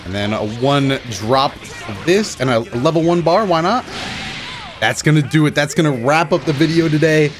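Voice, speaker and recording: A man giving excited, self-mocking commentary over his own fighting-game matches, groaning at losses and cheering at wins. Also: a little high, moderate pace. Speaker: gaming channel host. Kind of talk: live gameplay commentary. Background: game music and sound effects.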